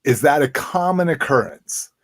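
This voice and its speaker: A man hosting a podcast, laid-back and quick to laugh, asking his co-host questions. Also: a little high, animated, no room sound, clean studio sound. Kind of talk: casual podcast chat.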